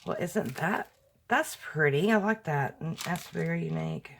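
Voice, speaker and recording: A woman, a crafting vlogger opening happy mail and gushing softly over each item. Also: fairly low pitch, slight background noise. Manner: gushing, slow and soft-spoken. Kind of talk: casual unboxing chat.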